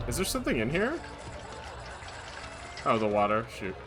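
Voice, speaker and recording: A man streaming a video game live, chatting casually and rambling through animated anecdotes. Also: mid-range voice, normal speed, over music.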